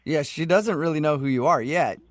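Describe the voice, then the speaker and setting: A man's voice: on the high side, a little fast, a crowd in the background. A man hosting a morning radio show, teasing callers and laughing often in studio banter. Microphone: studio microphone.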